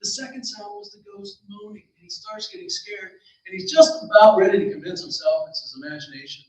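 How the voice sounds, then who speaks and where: A man's voice: high voice, animated, fairly quick, darkish tone. A man telling a folksy story aloud at a library event, with chatty asides to his listeners. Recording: very echoey room, distant mic.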